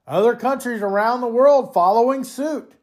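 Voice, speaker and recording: A host from the United States launches into an angry political monologue, swearing freely and hammering each point. The talk runs hot, with stumbles and repeated words as the speaker gets worked up. The pitch sits in a middle register. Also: normal speed, a little mellow. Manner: angry, profane, heated ranting. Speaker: podcast host.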